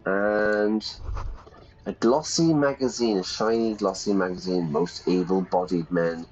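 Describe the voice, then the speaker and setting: A man's voice: sits low, steady tone, unhurried, darkish tone, slight background noise. Chatty man teaching while gaming. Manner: chatty, reads game text aloud and explains words. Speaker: English teacher playing a game. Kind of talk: casual let's-play lesson. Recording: slightly dull sound.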